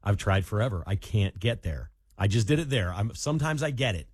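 Husky Midwestern man on talk radio. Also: fairly low pitch, animated, fairly quick, no echo, clean studio sound. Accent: Midwestern American. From Kansas. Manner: rambling, self-deprecating, laughing. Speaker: radio co-host. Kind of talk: casual radio banter.

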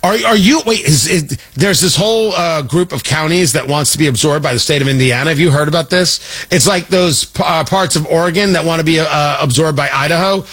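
A man's voice: a little high, brisk, hardly any pauses, a bit bright, husky. A man hosting a talk radio show, delivering a sarcastic, rambling political commentary monologue.

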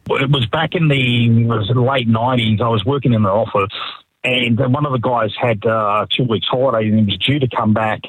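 A man calling in to a radio show, telling a story in a lively way and chuckling as he goes. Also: mid-range voice, fairly quick, husky, no room sound, rough recording. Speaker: caller. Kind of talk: phone-in anecdote. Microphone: phone line.

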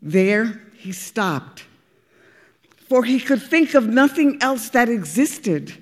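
A woman narrates a storybook with expressive, deliberate pacing and a fairly high voice. Each phrase is unhurried, and a long reverb trails after her words. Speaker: audiobook reader.

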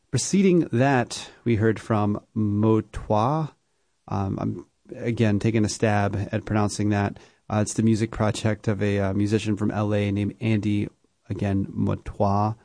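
Gravelly low-voiced male radio DJ. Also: dry recording, clean studio sound. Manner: relaxed, with frequent "uh" fillers and self-deprecating asides. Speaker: radio host. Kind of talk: radio DJ back-announcing songs. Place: radio studio.

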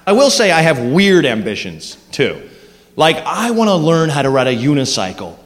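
A man doing a stand-up comedy set on a club stage, animated and leaping into loud voices for his bits. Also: on the high side, moderate pace. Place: comedy club stage before a live audience. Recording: live club recording with long reverb and noise.

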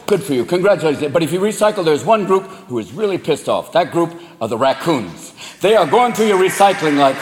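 Male stand-up comic, profane and animated, roomy live hall. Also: on the high side, background noise. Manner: rapid, profane, shifting into voices. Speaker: stand-up comedian. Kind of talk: stand-up comedy. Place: large theater stage. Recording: echoey live hall with loud crowd.

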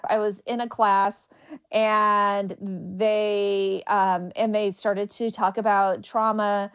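A woman's voice: medium pitch, little pitch movement, slow pace, smooth. A woman comedian who stutters, repeating the first sounds of words as she answers interview questions. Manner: laughs while telling stories.

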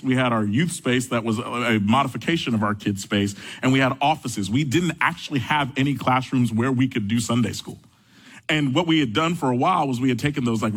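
A young adult man preaching a sermon, telling stories with animated energy. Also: husky, low-quality recording. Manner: animated storytelling, rising high when excited. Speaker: pastor.

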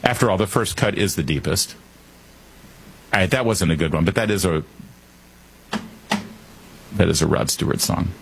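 A man's voice: deep voice, moderate pace, gravelly, pauses often, a little hiss or hum. A man hosting a talk radio show, delivering a comedic monologue full of sarcastic jokes and wry asides.

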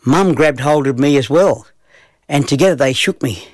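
A man's voice: mid-range voice, normal speed, a little mellow, no echo. A man telling a playful children's story. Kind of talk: storytelling narration.

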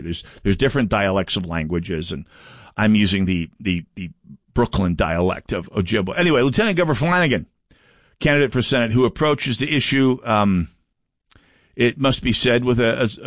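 A man's voice: lowish voice, fairly bright tone, dry recording, clean studio sound. A middle-aged man from North Dakota hosting a political talk radio show, delivering a sardonic, mocking monologue.

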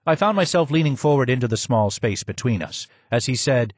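Male audiobook narrator, measured, mid-pitched, dry studio sound. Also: breathy edge, no echo. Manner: steady, measured storytelling. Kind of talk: scripted first-person narration.

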